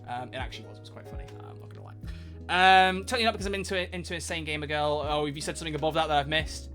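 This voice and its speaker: A man's voice: a little high, bright, forceful tone. A young man streaming live, chatting casually and rambling as he answers questions from chat.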